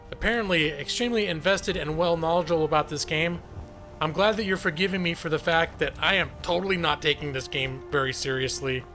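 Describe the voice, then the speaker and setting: A man with a slightly high voice, pushed and bright, gives casual live commentary while streaming a video game. He's chatty and jokes at his own expense throughout.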